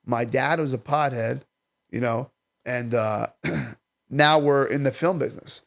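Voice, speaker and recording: A man's voice: medium pitch, measured pace, creaky, fairly bright tone. A man, a comedian chatting as a guest on a podcast in a brash, profane way. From Staten Island, New York. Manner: brash, profane, jumps between topics. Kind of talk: casual podcast chat.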